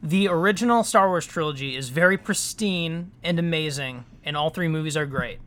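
A man's voice: on the high side, normal speed, a bit bright. A man co-hosting a casual podcast chat, hesitant, often restarting his sentences, with fillers and easy laughter. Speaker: podcast co-host.

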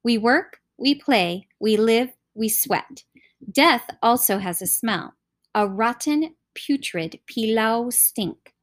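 A woman voicing a stern older male martial arts teacher who talks in gruff, scolding commands, read as an audiobook character. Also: a little high, expressive, takes it slowly, dry recording, studio quality. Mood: explaining.

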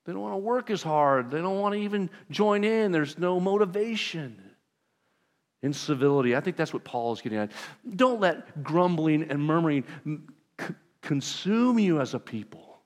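A man preaching a sermon as pastor, talking to his congregation in a conversational, self-deprecating way with lively asides. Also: a little high, moderate pace. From Southern California. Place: church sanctuary. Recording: long reverb of a large hall.

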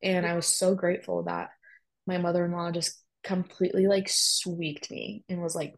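A woman's voice: fairly low pitch, level tone, moderate pace, creaky, poor audio. A young woman telling a personal story in a chatty way, full of "like" and emphatic asides. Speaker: guest sharing a personal story.

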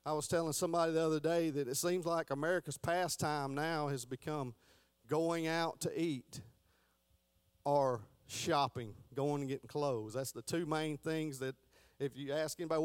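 A man's voice: a little high, fairly even intonation, moderate pace, smooth. A middle-aged man giving a folksy Sunday school lesson, stumbling and restarting as he reads aloud.

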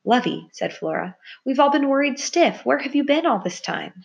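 A woman voicing a clever female mouse who teaches, speaking in a brisk, teacherly manner. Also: high-pitched, very animated, creaky, highs cut off, voice pushed up, full character voice.

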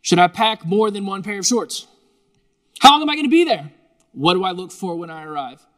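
A man's voice: high-pitched, sing-song, a bit bright, in a large hall. A man voicing a stubborn, anxious man who fires off worried questions. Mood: fretful. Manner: rapid, fretful questioning.

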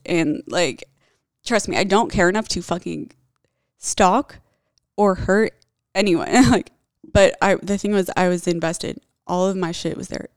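Young woman, casual storytime vlog, candid, swears freely, gritty fry in her voice, dry close sound. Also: on the low side, normal speed, no room sound. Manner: blunt, heavy swearing, candid. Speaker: vlogger telling a personal story.

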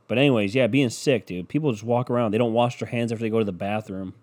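A man's voice: lowish voice, quick pace, few pauses, a little mellow. Profane rambling man with a phlegmy throat. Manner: profane and rambling, addresses listeners directly. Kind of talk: casual comedic rant to the audience.

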